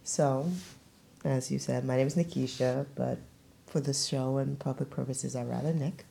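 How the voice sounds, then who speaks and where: A woman's voice: very deep voice, level tone, unhurried, gravelly, dark tone. A woman from Brooklyn, New York, hosting a casual podcast and chatting about her background, now and then dropping into patois phrasing. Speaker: podcast host.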